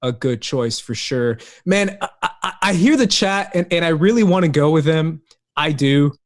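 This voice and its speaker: A man's voice: fairly high pitch, normal speed. A man co-hosting a casual chat, upbeat and laughing often. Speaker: co-host.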